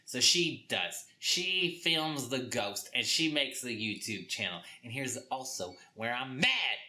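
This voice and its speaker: A young man with a Southern US accent ranting through a comic book review, exasperated and acting out characters in quick voices. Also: medium pitch, lively intonation, sharp tone.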